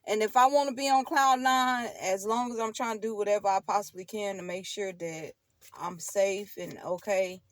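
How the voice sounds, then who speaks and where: Speaking at normal speed in a medium, even-toned voice, a middle-aged tarot channel host talks casually straight to her viewers in a dry recording. She hammers her points home, repeats herself, laughs frequently, and adds moralizing asides.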